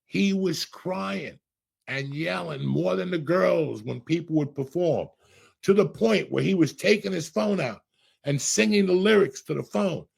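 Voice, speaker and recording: A middle-aged man hosting a podcast, a loud, profane storyteller with a gravelly, husky voice. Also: on the high side, lively intonation, a little slow. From Cuba. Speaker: podcast host.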